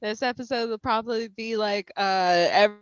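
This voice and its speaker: A woman's voice: a little high, moderate pace, smooth, dry recording, highs cut off. A woman hosting a podcast in casual chat, giggly and rambling. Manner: giggly, rambling, many fillers. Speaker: podcast host.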